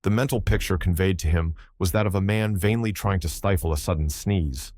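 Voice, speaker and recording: Deep-voiced male audiobook narrator. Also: fairly quick, darkish tone, no room sound, clean studio sound. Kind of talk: scripted narration.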